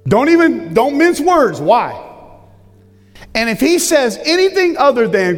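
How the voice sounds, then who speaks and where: Booming high-voiced preacher in a reverberant hall. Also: male voice, unhurried. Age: middle-aged. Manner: loud booming preaching voice, lively and emphatic. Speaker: pastor. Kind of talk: sermon. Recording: long reverb of a large hall.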